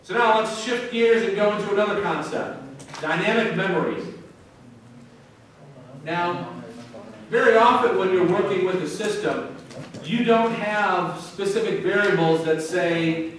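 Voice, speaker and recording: A male university professor lectures his students casually, cracking jokes as he goes. His voice sits high and has a fairly bright tone, and his delivery is a little slow. The recording is distant, in an echoey hall with faint noise.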